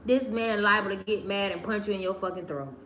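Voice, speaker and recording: A woman hosts a livestream, offering her opinions in a casual monologue that's slangy, emphatic, and preachy, with repeated phrases. Her medium-pitched voice is fairly quick and a bit bright, in a roomy recording with slight hiss or hum.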